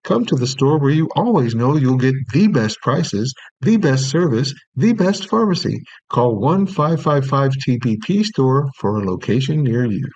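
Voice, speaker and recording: A man's voice: mid-range voice, animated, measured pace, hardly any pauses, darkish tone, no echo, natural voice. A man voicing an upbeat male pharmacy commercial announcer, punching key words with emphasis. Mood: upbeat salesy. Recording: dry, dull lo-fi recording.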